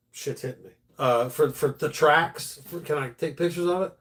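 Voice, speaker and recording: Higher-voiced man telling stories. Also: brisk, hardly any pauses. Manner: animated, swears casually, talks through stories. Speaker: live stream host. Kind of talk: casual storytelling chat.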